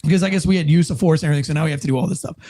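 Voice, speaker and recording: An American man and former police officer telling a story in a casual interview, animated and profane, acting out the people in it. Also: a little high, racing. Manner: animated, profane, acts out quoted voices.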